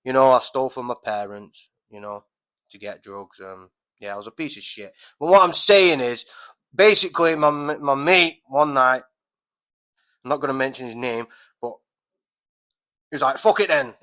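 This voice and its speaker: At home by a window on a street, a podcast host tells a rambling, swear-filled story as a casual monologue, full of restarts and fillers. His medium-pitched voice has a sharp tone and normal speed with long pauses, and the recording quality is low.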